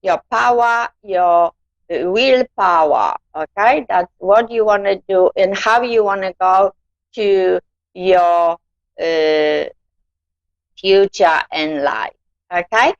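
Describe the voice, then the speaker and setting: A woman giving a gentle live-stream psychic reading, calling her listener darling. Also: mid-range voice, slow, no room sound. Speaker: psychic card reader. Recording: dull lo-fi dry sound.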